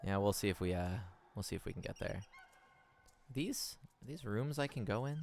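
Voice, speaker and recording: A man's voice: on the low side, animated, moderate pace, gravelly. A man streaming a video game, commenting casually and reading game text aloud in a playful, goofy way.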